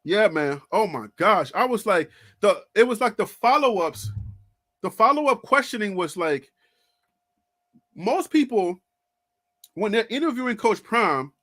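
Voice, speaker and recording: A man with a high voice hosts a sports fan channel in a casual live-stream chat. He speaks animatedly, laughs often and calls out to his viewers by name. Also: sing-song, a little slow, pauses often, sharp tone.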